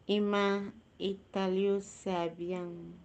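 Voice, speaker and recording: Woman nurse hosting a live stream, chatty, reads out comments and replies, middle pitch. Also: flat delivery, takes it slowly. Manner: reads viewer comments aloud and answers them warmly; chatty, repeats words for emphasis. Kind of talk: casual live-stream chat.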